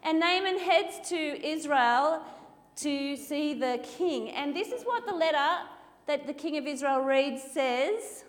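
A woman telling a Bible story to children in a lively, playful way, acting out the characters. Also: high-pitched, slow. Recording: reverberant hall with faint ambient noise.

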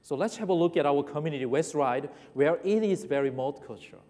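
A man with a Korean accent giving a sermon, talking in a halting way that restarts and repeats words and putting questions to the congregation. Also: on the high side, animated, mellow. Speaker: preacher. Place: church hall. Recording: reverberant hall.

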